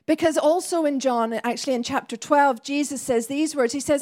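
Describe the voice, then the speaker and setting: A woman's voice: high voice, moderate pace, few pauses, darkish tone. A woman preacher delivering a sermon in an earnest, conversational way with laughing asides.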